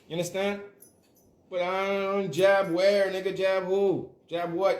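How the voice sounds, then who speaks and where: A man's voice: high voice, echoey room. A man hosting a livestream, ranting in a casual, profane and emphatic way. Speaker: livestream host.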